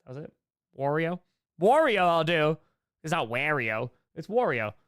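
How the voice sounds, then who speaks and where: A young man with a New York accent chatting casually and quickly while answering viewer questions on a live stream, playful and animated. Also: a little high, clear, resonant tone. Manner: fast, animated, playful, reads chat aloud.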